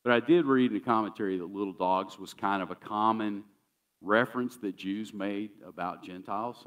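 A man's voice: fairly low pitch, brisk, fairly bright tone, distant mic. A man pastor preaching a sermon in a conversational, emphatic way, often repeating key phrases.

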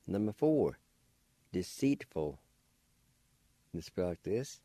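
A slow, patient man teaching a radio language lesson. His voice sits a little low, and he spells each word out one syllable at a time. The sound is dry and close. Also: dark tone, no echo.

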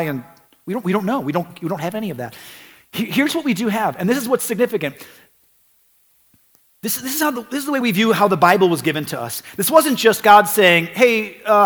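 A man's voice: sits high, a bit bright, big-room sound. A male pastor preaching a sermon in an earnest, conversational way, repeating phrases for emphasis.

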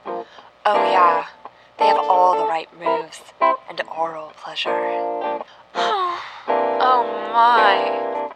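A woman reading a comedy podcast promo in a slow, breathy, teasing mock-sultry style. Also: mid-range voice, big pitch swings, low-quality recording. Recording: voice over loud guitar music.

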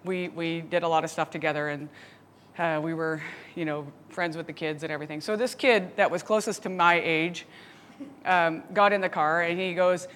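A woman teaching a Bible study, telling a story with lively laughs and asides. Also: fairly low pitch, moderate pace, a little hiss or hum. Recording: long hall reverb.

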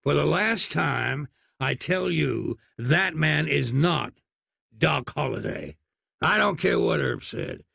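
A man's voice: a little high, big pitch swings, slow, vocal fry, sharp tone, breathy edge, no echo, clean studio sound, exaggerated voice. A man voicing an exasperated, well-spoken young hero who talks with indignant precision in a storybook reading.

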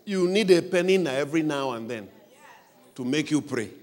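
A male preacher delivering a fervent revival sermon, shouting repeated calls for the congregation to pray aloud. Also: on the high side, animated, moderate pace. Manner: fervent, repetitive exhortation.

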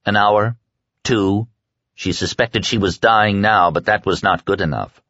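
A man narrating a horror audiobook in a dramatic, expressive storytelling manner. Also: on the low side, unhurried, no echo, dull audio. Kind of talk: scripted narration.

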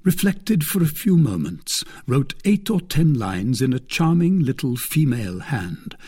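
A male audiobook narrator telling a classic adventure story. His delivery is slow and expressive, with a lively, wide-ranging pitch. The voice itself is husky.

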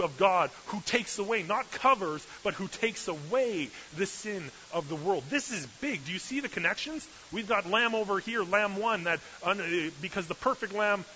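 Bright-voiced man preaching a sermon. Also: high voice. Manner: storytelling, animated, asks the listeners questions. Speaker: pastor. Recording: slightly dull recording with faint hiss.

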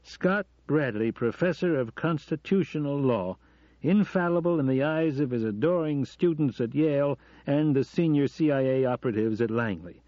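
Here is an earnest male professor in an audiobook, read by a man who confesses everything with self-deprecating candor. His mellow voice is heard up close and dry. The recording has a dull, lo-fi band. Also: medium pitch, lively intonation, moderate pace, dry recording, voice pushed up, lightly acted. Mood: pleading. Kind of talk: audiobook reading.

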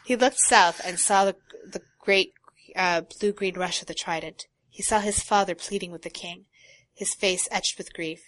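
A woman co-hosting a casual talk show, reading a long passage from a novel aloud and breaking off for quiet asides. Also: medium pitch, normal speed, few pauses. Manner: reads prose steadily, drops to quiet asides. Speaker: podcast co-host.

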